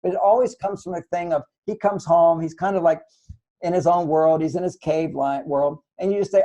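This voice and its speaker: An older man giving relationship advice in an interview, explaining gently and acting out small exchanges between partners. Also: on the high side, steady tone, a little fast, lo-fi sound. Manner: gentle, explanatory, acts out little dialogues. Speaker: relationship author and guest.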